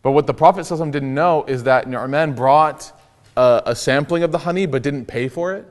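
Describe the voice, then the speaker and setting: Young man, Islamic lecturer, rapid speech, long hall echo. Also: on the high side. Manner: lively, joking storyteller acting out quotes. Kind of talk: casual sermon.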